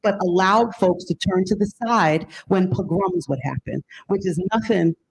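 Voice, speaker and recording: A man speaking as a panelist, answering in an earnest, lecturing, deliberate way. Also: sits high, gravelly, breathy edge, low-quality recording.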